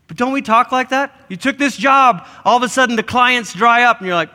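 A man delivers a sermon in a high, bright voice. He is animated and acts out quoted voices with sudden leaps in pitch, and the sound carries a long echo from a large hall. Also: brisk, few pauses. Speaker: pastor. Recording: live church hall reverb.

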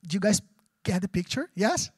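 A man who speaks English as a second language, preaching a sermon as pastor in a lively, conversational way, often checking in with the congregation. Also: sits high, normal speed, slightly rough, dry recording, studio quality. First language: not English. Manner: animated, conversational preaching with frequent audience check-ins.

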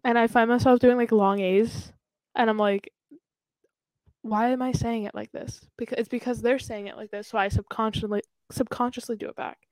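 Young woman, podcast co-host, higher pitch, casual self-mocking chat, dry close sound. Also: fairly even intonation, normal speed, darkish tone, no echo. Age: young adult.

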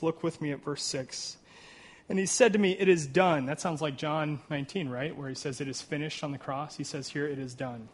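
A man preaching a sermon, earnest, reading scripture aloud and tossing in "right?" asides and self-deprecating jokes. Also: on the high side. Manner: reads scripture aloud with rising emphasis. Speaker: pastor.

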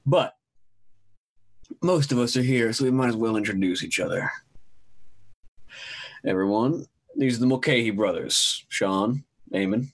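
A man narrating a tabletop role-play as game master, introducing characters in a laid-back, halting way. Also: medium pitch.

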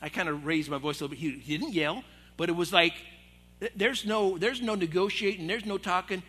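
In a church hall, a middle-aged assistant pastor tells a story during his sermon, speaking in a high, fairly quick, slightly rough voice. He is animated and acts out the voices of the people in the story.

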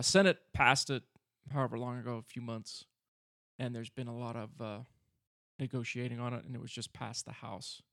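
Gravelly man, dry, a bit robotic. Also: medium pitch, dry recording. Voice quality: slightly robotic-sounding voice. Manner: loose, rambling explanations. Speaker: podcast co-host. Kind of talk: casual podcast chat.

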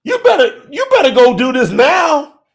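A man preaching an urgent sermon, shouting and pleading with his listeners. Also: very high-pitched, sing-song, moderate pace, gravelly. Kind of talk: fiery sermon.

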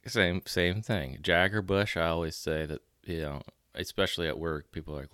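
A man talks casually on a podcast, teasing and laughing as he goes. His voice sits very low and comes through smooth and resonant. The sound is dry and close, with no room around it. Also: steady tone, moderate pace, sharp tone, no room sound. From Pittsburgh area, USA. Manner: joking, chatty, laughs often. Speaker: podcast co-host. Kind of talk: casual chat.

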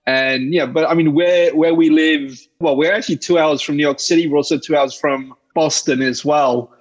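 A middle-aged man, a guest chatting in a relaxed, rambling way with small restarts. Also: fairly high pitch, moderate pace, lo-fi sound. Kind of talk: casual conversation.

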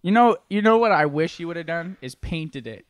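A man's voice: on the high side, fairly quick, no echo. Laughing, joking podcast co-host man. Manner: laughs often, jokey, animated. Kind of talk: casual comedic chat.

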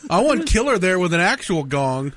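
A man's voice: sits high, very animated, crowd noise. A man co-hosting a radio talk show, joking and laughing with his co-hosts. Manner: jokey, quick to laugh. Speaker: radio sports talk co-host. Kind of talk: casual studio banter.

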